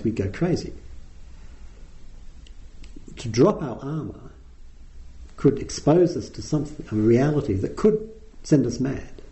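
A man's voice: medium pitch, dark tone. A male meditation teacher giving a conversational dharma talk with frequent ums, in a meditation hall. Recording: roomy hall echo.

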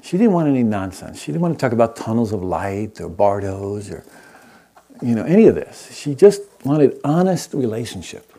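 Man, meditation teacher, husky voice, low, gentle storytelling talk. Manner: gentle, unhurried, checks in with listeners. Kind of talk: storytelling talk to a live audience.

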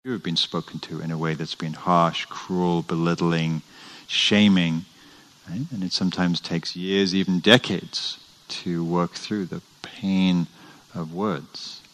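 Meditation teacher, deep voice, lively storyteller, dharma talk. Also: male voice, takes it slowly, low-quality recording. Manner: animated storytelling, with restarts. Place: meditation center hall.

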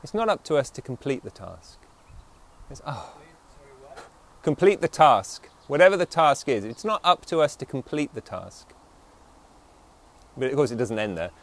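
A man gives a reflective dharma talk as a meditation teacher, slowing down to stress key phrases and often checking in with listeners. His voice is medium-pitched and sing-song.

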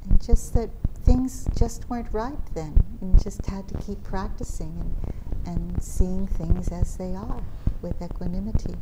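A woman meditation teacher giving a dharma talk at a retreat, speaking in a gentle, reflective way with soft laughs. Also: medium pitch, measured pace. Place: retreat center meditation hall. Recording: loud background noise.

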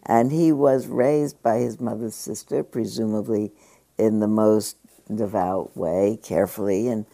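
Low, gravelly-voiced woman teaching meditation. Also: steady tone, mellow. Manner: conversational, pausing with fillers while paraphrasing a book. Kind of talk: dharma talk.

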